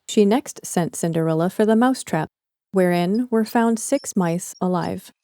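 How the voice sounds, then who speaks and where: A woman reading a fairy tale aloud in a calm, gentle audiobook narration. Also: mid-range voice, no echo, clean studio sound.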